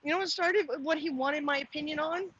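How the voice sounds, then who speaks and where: Her voice is high and fairly bright, her pace a little fast, and the recording muffled. She's a middle-aged Canadian woman on a live stream, walking outdoors to the post office while chatting casually, rambling, restarting often and responding to viewer comments aloud.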